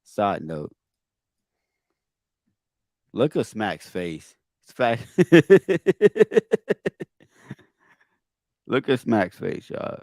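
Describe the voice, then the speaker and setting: A man's voice: lowish voice, animated, takes it slowly, vocal fry, pauses often, no echo, studio quality. A man hosting a podcast and reacting to a video, exasperated and emphatic, often repeating his words. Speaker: podcast host.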